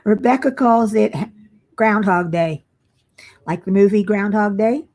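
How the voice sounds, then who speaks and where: At a medium pitch, a little slow and a little mellow, a woman hosts a casual crafting livestream. She's tired and yawning, chatting with viewers and reading their comments aloud as she works.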